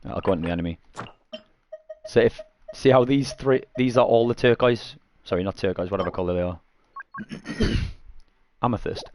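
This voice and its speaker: A man with a lowish voice talks loosely through a gameplay tutorial, often restarting his sentences. He keeps coughing and clearing his throat between points, and a faint hiss of noise sits under his voice. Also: brisk, a little mellow. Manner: rambling, self-correcting, frequent coughs and throat clearing. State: coughing after eating garlic. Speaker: gaming streamer.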